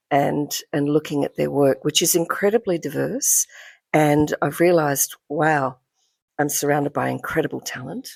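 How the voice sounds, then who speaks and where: Low, gravelly, reflective woman. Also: no echo. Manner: gentle, reflective, effusive. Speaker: writer at a residency. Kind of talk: reflective interview answer.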